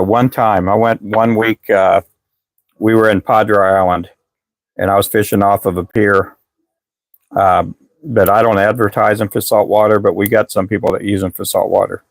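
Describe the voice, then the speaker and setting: A man's voice: fairly low pitch, no room sound. A man hosting a casual live stream, chatting with viewers in a rambling way and often restarting his sentences, and he says he is losing his voice. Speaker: live stream host selling fishing lures.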